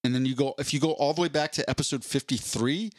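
A man's voice: mid-range voice, fast talker, no echo, studio quality. A man co-hosting a podcast in casual chat, playful and joking. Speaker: podcast co-host.

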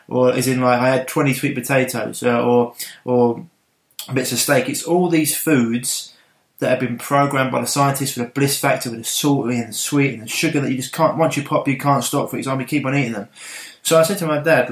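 Man, podcast host, quick rambling talk, echoey room. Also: mid-range voice. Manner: rambling, fast, many restarts. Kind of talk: casual interview talk. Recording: roomy echo.

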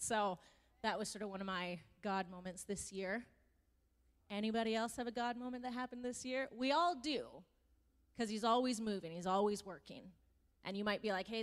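A woman who teaches worship dance, telling a story at a church sharing time and acting out the voices of the people in it. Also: on the high side. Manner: animated storytelling, acts out voices in quotes. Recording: long reverb of a large room.

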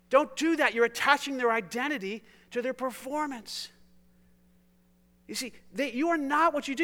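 A man preaching a sermon as pastor, passionate, swinging between loud emphasis and hushed, almost whispered lines. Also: very high-pitched.

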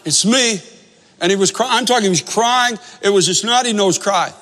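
High-voiced preacher in a reverberant hall. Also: male voice, brisk, fairly bright tone, a little hiss or hum. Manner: earnest storytelling, repeats phrases for emphasis. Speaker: pastor. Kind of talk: sermon with storytelling.

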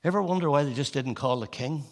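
A man preaching a sermon, rising to impassioned scripture and dropping to quiet, intimate appeals. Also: mid-range voice, fast talker. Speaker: pastor. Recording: long reverb of a large hall.

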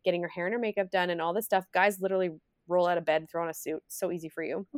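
A young woman co-hosting a casual wedding-advice chat, telling stories in an animated, chatty way with acted-out quotes. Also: lowish voice, racing, no room sound, clean studio sound. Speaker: podcast co-host, wedding planner.

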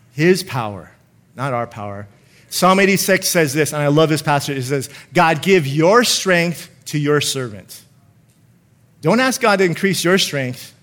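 A man preaching a sermon, slowing down to stress scripture and calling on the congregation to repeat lines after him. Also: on the high side, fairly bright tone. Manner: emphatic, calls for congregation responses, slows to stress scripture.

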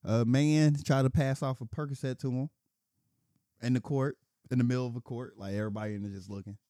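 A man co-hosting a casual podcast chat, animated, acting out quotes in sudden high voices and laughing often. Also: a little fast, no room sound, clean studio sound. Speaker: podcast co-host.

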